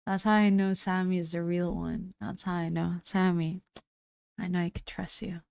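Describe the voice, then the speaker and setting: A woman's voice: lowish voice, flat delivery, moderate pace, creaky, darkish tone, clear, resonant tone, dry recording, studio quality. A woman streamer chatting casually with viewers, reading their messages aloud and answering them, her voice a little worn. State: slightly losing her voice. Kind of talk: casual livestream chat reading.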